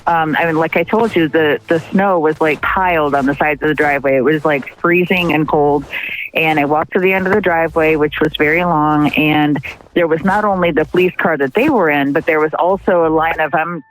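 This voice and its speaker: A woman telling her story as an interview guest in halting, filler-heavy speech. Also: sits low, slight background noise, rough recording. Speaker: interview guest, partner of the accused. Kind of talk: casual recounting of events.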